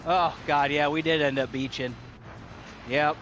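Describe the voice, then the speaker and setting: A man giving excited, casual commentary over his own gameplay, out of breath, laughing often and talking to himself as the action swings. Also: fairly high pitch, unhurried, a little hiss or hum. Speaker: gaming streamer.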